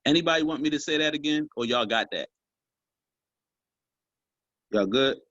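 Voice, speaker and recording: A man coaching a group on sales, talking in a casual, animated way and calling them y'all. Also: fairly high pitch, normal speed, dry recording, lo-fi sound. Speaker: sales trainer. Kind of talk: motivational training talk.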